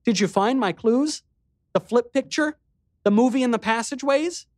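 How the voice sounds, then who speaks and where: A man voicing a frightened young woman, a little sister who is tearful but mischievous, speaking high, quick and eager. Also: no echo, clean studio sound. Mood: eager, proud.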